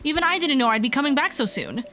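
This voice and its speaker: A slightly hoarse woman streamer reading the lines of an easygoing woman writer in a game. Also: high voice, expressive, quick pace, pushed and bright. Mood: confiding. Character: adult woman writer, traveling barista-cafe regular, easygoing. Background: faint game music.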